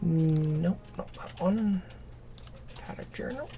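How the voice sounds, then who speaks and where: A woman's voice: on the low side, takes it slowly, mellow, soft background music. A woman streaming a game, reading its text aloud and muttering to herself, swearing casually.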